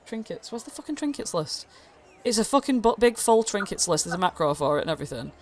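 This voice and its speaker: A woman's voice: mid-range voice, sing-song, fast talker, a little hiss or hum. A woman narrating as game master, casual and rambling.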